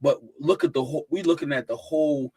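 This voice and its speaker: Husky man rambling in casual chat. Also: a little high, steady tone, warm tone, low-quality recording. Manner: rambling, halting with many restarts. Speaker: host.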